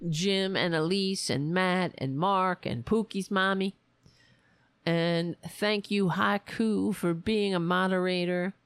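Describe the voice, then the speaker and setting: A woman's voice: fairly low pitch, slow pace, smooth, dry recording. A woman hosting a political livestream, blunt and sarcastic, outraged at politicians, tired and with a strained voice. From United States. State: tired, voice going. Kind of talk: casual livestream political commentary.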